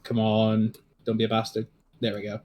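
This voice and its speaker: A man's voice: on the low side, completely flat delivery, normal speed, darkish tone, slight background noise. A man narrating a tabletop game as dungeon master, talking casually, swearing and prompting his players.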